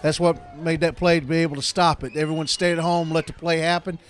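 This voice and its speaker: A man giving color commentary at a high school football game, explaining plays in a measured, slightly halting way. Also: level tone.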